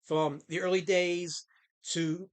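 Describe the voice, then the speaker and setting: A man's voice: high voice, flat delivery, takes it slowly. A middle-aged man who creates comics, chatting casually on a live stream, rambling with many fillers and snapping back at his chat.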